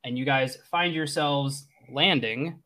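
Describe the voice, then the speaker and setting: A man's voice: medium pitch, slow, bright, forceful tone. A man narrating a tabletop game as game master, rambling with many restarts.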